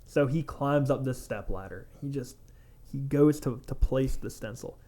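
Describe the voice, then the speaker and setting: A young adult man, a tattoo artist co-hosting a podcast, telling a story in casual chat, animated and laughing, with lots of "like" and swearing. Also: mid-range voice, moderate pace.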